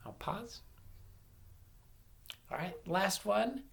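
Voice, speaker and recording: Man, teacher, online lesson for little kids, lively up-and-down pitch, gravelly edge, slow and playful. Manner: slow, deliberate, playful and animated, with drawn-out words. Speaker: primary school teacher. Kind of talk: online lesson for young children.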